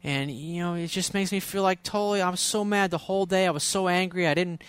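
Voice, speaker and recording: A man's voice: high voice, quick pace, a bit bright, clear, resonant tone, pitched above the performer's own voice. A man voicing an upset, complaining adult girlfriend. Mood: hurt. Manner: whiny, complaining.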